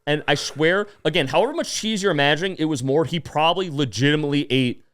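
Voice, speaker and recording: A man's voice: a little high, fast. A man co-hosting a comedy podcast who tells a story in a rambling way, full of "like". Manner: animated, rambling, lots of "like". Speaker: podcast co-host.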